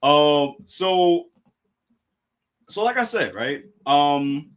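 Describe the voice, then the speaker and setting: Excitable man with a lively high voice. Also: very slow. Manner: excitable, restarts and apologizes, addresses chat. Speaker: streamer reacting to a manga chapter. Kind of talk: live reaction stream chat.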